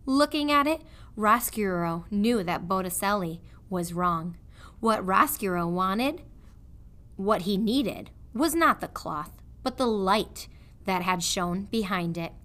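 A woman, a third grade teacher, reading a children's novel aloud in a measured storytelling way. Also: mid-range voice, fairly bright tone.

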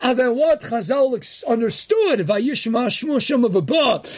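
A man with a strikingly high voice hosts a daily inspirational talk, mixing jokes with Torah teaching. His delivery is animated, and he punches his main points with near-shouts. He peppers his English with Yeshivish Hebrew terms. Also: normal speed.

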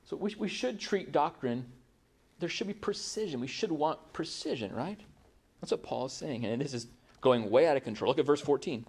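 A man's voice: a little high, lively intonation, moderate pace, a little mellow, husky. A man preaching a conversational sermon to his congregation, often ending points with rhetorical questions. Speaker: pastor.

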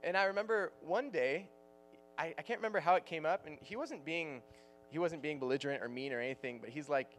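Male youth pastor, 30s, casual joking sermon, a little high-voiced, light music bed. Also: fairly quick. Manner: casual, joking, laughs often.

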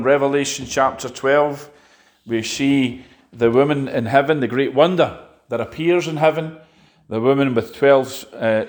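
A man preaching a sermon, halting and restarting often and asking the congregation rhetorical questions. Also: medium pitch, roomy sound. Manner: halting, with frequent fillers and restarts.

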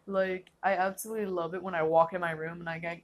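A young woman hosting a casual solo podcast, rambling and laughing often, filling her talk with "like". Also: on the low side. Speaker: podcast host.

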